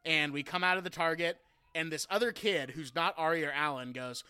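Bright, crisp-voiced young man. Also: fairly high pitch, fairly quick, no room sound. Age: young adult. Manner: animated storytelling, swears, laughs. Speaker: podcast co-host. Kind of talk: casual chat.

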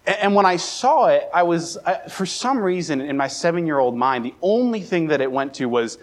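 A man's voice: on the high side, normal speed. A young adult man from the Baltimore area preaching a sermon, telling a personal story and acting out the scenes with a raised voice. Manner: animated, acts out scenes with raised voice. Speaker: pastor. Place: church sanctuary.

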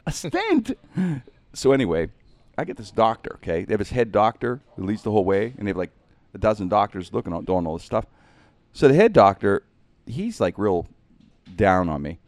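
A middle-aged male host telling a comic story in casual chat. His voice sits fairly low but swings widely in pitch as he acts out the people in it. The sound is close and dry. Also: normal speed, dry recording. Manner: animated, jokey, acts out other people's lines.

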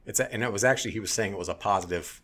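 Male podcast host, low register, blunt and profane, heated off-the-cuff delivery. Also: rapid-fire, a bit bright. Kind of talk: casual opinionated chat.

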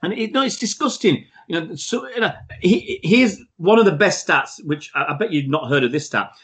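A man's voice: fairly high pitch, big pitch swings, normal speed, a bit bright, breathy edge. Blunt man talking football. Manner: blunt and outspoken. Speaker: podcast co-host. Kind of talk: casual football chat.

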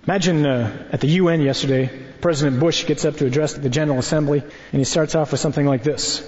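A priest teaching in a conversational sermon, animated and wry, tossing out rhetorical questions. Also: male voice, fairly high pitch, fast. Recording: dull recording in a reverberant hall.

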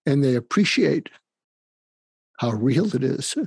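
An older man talks in a gravelly, husky voice, slow and halting, with many small pauses. He sounds calm and close to the mic. The room adds little echo. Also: medium pitch. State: facing terminal illness. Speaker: guest, psychiatrist and author. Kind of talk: emotional conversational interview.

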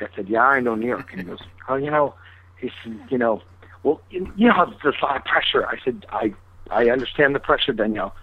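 A man's voice: medium pitch, breathy edge, no room sound. A man telling a long anecdote in a radio interview, acting out both sides of old phone calls. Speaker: guest chef. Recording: tinny phone-line sound.

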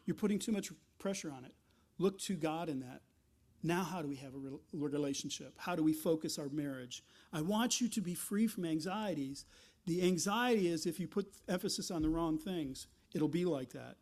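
A man's voice: high-pitched, moderate pace, a little mellow. A man preaching a sermon in a conversational way, often restarting phrases and acting out little quoted asides. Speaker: pastor.

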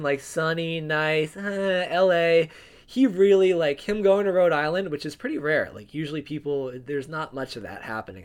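A man from New Jersey co-hosting a podcast, joking in an animated, profane way. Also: on the high side. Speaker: podcast co-host. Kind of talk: casual chat.

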